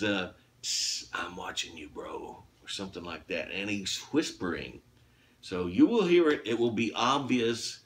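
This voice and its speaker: A man's voice: on the low side, fairly bright tone. A man hosting his own channel, chatting casually to camera in a rambling, folksy way full of fillers. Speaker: YouTube channel host running a giveaway.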